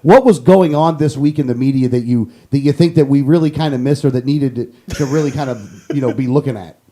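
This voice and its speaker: A man hosting a casual political talk show, rambling with many restarts and getting animated. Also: mid-range voice, fairly quick.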